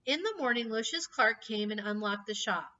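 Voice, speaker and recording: A woman reading a children's book aloud in an expressive, emotional way. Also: fairly high pitch, moderate pace. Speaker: reader. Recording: slightly distant, dull lo-fi mic.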